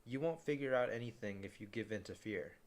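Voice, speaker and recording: A man's voice: lowish voice, a little fast, close to an everyday voice. A man voicing a frightened, lost teenage boy who asks anxious questions, read aloud from a storybook. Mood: scared.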